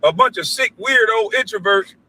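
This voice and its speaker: A middle-aged man hosting a show, delivering a loud, profane, preachy commentary rant and mimicking others in a high voice. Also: animated, moderate pace, poor audio. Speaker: show host.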